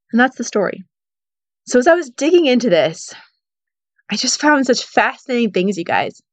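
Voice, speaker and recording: A woman's voice: fairly high pitch, animated, normal speed, no room sound. A woman giving a casual Bible teaching, retelling the story in a conversational way with frequent "you know" and "like". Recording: dull, dry sound.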